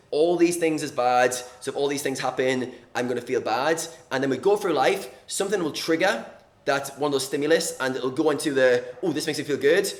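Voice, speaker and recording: A man coaching viewers on mindset, explaining earnestly and repeating key words, sometimes acting out little examples. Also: medium pitch. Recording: echoey room.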